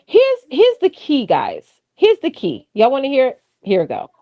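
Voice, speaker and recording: A woman co-hosting a live stream, coaching viewers in a chatty, animated way, laughing often and talking straight to the chat. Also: sits high, normal speed, dull audio. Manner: drifts off track, repeats key points for emphasis. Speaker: live-stream co-host on branding and AI.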